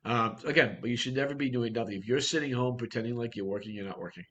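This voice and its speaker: Fast, blunt man coaching a workshop. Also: mid-range voice, fairly bright tone, muffled recording. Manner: brisk, blunt, full of rhetorical questions. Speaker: real estate sales coach. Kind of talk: workshop talk to agents.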